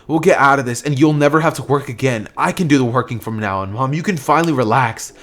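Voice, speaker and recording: A man's voice: mid-range voice, fast talker, a bit bright, lightly acted. A man voicing an earnest teenage boy who stammers and is devoted to his mother.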